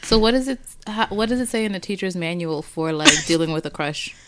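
A woman in a casual podcast chat who laughs along with the others and asks quick questions. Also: on the low side, lively intonation. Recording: loud background noise.

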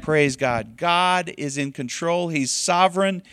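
Emphatic male pastor, higher voice. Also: takes it slowly, smooth. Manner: emphatic, swings between loud urging and quiet softness. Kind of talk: sermon.

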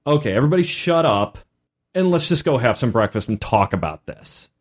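A man voicing a clever female orc priest who takes charge in a brisk, no-nonsense way. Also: mid-range voice, very animated. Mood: commanding.

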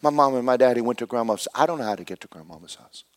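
A man's voice: medium pitch, lively intonation, very fast, dry recording, studio quality, natural voice. A preacher voicing a lost little male creature who keeps begging each animal for directions. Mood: pleading. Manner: pleading, repeating himself.

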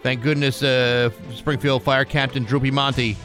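A man's voice: mid-range voice, flat delivery, moderate pace, a bit bright, soft background music. A man hosting a morning radio show, chatting loosely with many fillers and reading the news.

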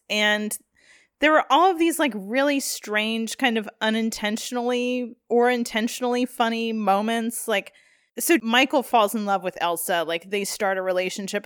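A woman with a fairly high voice talks through a film in loose, rambling sentences, leaning on filler words and laughing as she goes. Her voice sounds dry and close, with no room echo. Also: a bit bright. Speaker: podcast co-host. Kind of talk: casual film discussion.

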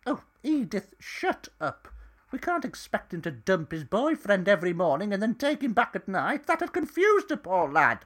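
A woman's voice: mid-range voice, big pitch swings, moderate pace. A woman voicing a blunt middle-aged hotel boss with a brusque manner. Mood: bossy. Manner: brusque, mild British curses.

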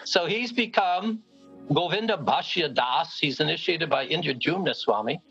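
Gravelly guy telling stories all fired up, kinda muffled recording. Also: fairly high pitch, moderate pace, a bit bright, soft background music. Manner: enthusiastic storyteller, acts out quotes. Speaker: prison ministry guest. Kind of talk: casual podcast chat and storytelling.

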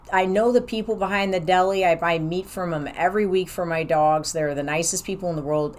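A woman talking casually about her own life, rambling and candid. She acts out what she and others said. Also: on the low side. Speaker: professional who sees clients in an office. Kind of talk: casual personal storytelling.

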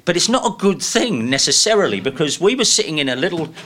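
A man in his sixties, a guest telling casual anecdotes in an animated way and laughing through his stories. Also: a little high, fast.

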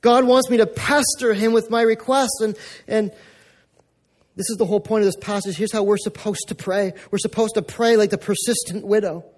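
Male pastor, high voice, chatty sermon delivery, repeats for emphasis. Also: fairly even intonation, moderate pace. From North America. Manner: conversational, repetitive, emphatic.

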